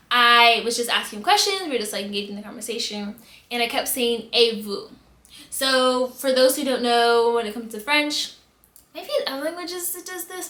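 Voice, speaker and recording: A woman from the United States telling embarrassing stories in a casual storytime vlog, acting out her own reactions with big swings in voice. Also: a little high. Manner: animated storytelling with dramatic replayed reactions. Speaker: vlogger. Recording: echoey room.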